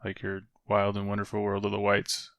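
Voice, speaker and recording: A man co-hosting a podcast, relaxed and joking in casual chat. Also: on the low side, a little fast, vocal fry, no room sound, studio quality. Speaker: podcast co-host.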